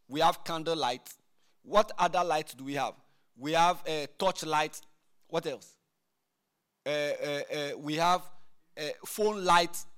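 Emphatic male preacher, repeating himself. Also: on the high side. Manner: repeats phrases, asks the audience "all right?"; builds from quiet prayer to loud emphatic preaching. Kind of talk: sermon.

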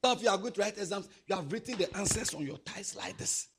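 A man preaching a sermon to young people. He swings from soft asides to loud exhortation. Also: sits high, animated, quick pace, a little hiss or hum.

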